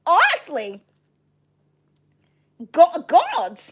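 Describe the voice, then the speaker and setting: Giggly high-voiced young woman. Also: wildly swooping pitch, drawn-out words. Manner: giggly, swears freely, loud outbursts. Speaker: tarot reader hosting a live reading. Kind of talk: casual live chat reading comments.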